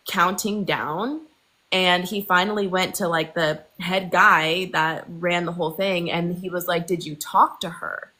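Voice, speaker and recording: A woman's voice: fairly low pitch, sharp tone, poor audio. A woman guest on a casual live chat, retelling a story she read, with hesitant restarts.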